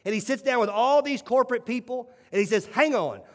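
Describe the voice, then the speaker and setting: A male pastor preaching a sermon with animated, emphatic storytelling and repeated phrases. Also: extremely high pitch, fast. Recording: long hall reverb.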